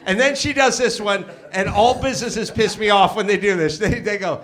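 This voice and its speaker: A middle-aged man with a high, sharp, bright voice hosts a live comedy show from a club stage. He rants through crude stories and plays out the arguments in them himself. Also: normal speed, few pauses. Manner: profane, ranting anecdotes with acted-out dialogue. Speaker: host. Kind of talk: live comedy podcast storytelling.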